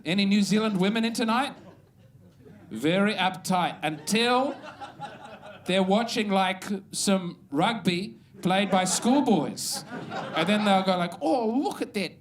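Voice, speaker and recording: A man's voice: sits high, slow pace. An Australian man performing a stand-up set on a comedy club stage, with a wry, meandering, self-mocking delivery.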